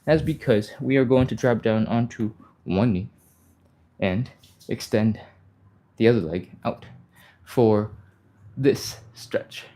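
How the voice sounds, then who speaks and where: A man's voice: medium pitch, slow, long pauses, warm tone. A man leading a live follow-along stretching class, talking casually while he exercises and getting a little out of breath. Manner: talks while exercising, breathy exertion sounds and sighs; encouraging, casual, reads viewer comments aloud. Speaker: stretching instructor.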